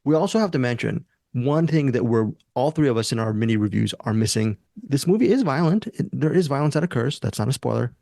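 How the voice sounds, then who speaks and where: A man's voice: mid-range voice, animated, a little fast, vocal fry, few pauses, mellow, no room sound, clean studio sound. A man hosting a casual movie review podcast, talking enthusiastically and rambling with restarts. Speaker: podcast host.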